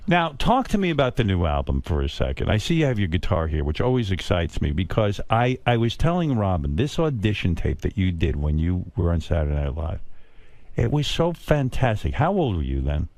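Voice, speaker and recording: A man's voice: low-pitched, sing-song, a little fast, darkish tone, no room sound. A man hosting a radio interview in a studio, talking bluntly and teasingly, often stumbling and restarting his sentences. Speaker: radio host. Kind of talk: casual interview.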